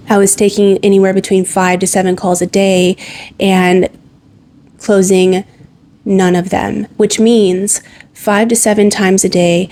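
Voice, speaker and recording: Woman telling her own story, flat delivery. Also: medium pitch. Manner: candid, conversational with frequent "like" fillers. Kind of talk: personal storytelling narration.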